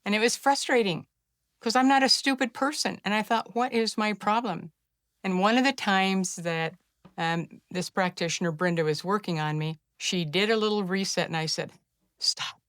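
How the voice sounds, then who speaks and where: Gentle, smooth-voiced woman guiding a calm reset. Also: medium pitch, dry recording, clean studio sound. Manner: calm, gentle and encouraging, slowing to a soft hush during the breathing steps. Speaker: wellness practitioner teaching a self-care technique. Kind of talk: guided instruction to camera.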